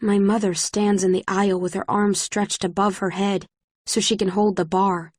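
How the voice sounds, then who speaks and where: A woman reading a novel aloud in first person, in a steady, measured way. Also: mid-range voice, no room sound, clean studio sound. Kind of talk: first-person audiobook narration.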